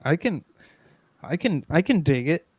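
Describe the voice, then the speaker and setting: A man hosting a casual comedy podcast, playful and mock-earnest, with loud bursts of excitement. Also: fairly high pitch, a little slow, husky, dry recording, lo-fi sound. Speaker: podcast host.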